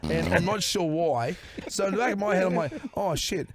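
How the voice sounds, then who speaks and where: A man's voice: high-pitched, fairly quick, slight background noise. Foul-mouthed man spinning a yarn. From Australia or New Zealand. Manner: swears freely, animated yarn-telling. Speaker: podcast host. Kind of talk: casual storytelling.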